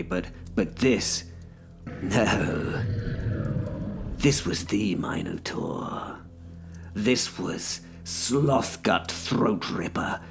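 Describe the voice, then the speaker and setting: A man's voice: fairly low pitch, creaky, fairly bright tone. A man narrating a first-person story in a dry, wry storytelling manner.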